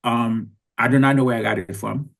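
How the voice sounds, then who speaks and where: A man's voice: medium pitch, steady tone, brisk, gravelly. A man in his sixties from Haiti, telling his life story in a reflective, conversational way as an interview guest. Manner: reflective, conversational, with frequent restarts.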